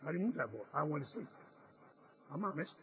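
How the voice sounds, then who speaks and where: A male preacher with a fairly high voice preaches a sermon. He tells his story earnestly and leans hard on key phrases. Now and then he stumbles and restarts his words. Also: big pitch swings, a little fast, fairly bright tone, rough recording. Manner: some stammered restarts.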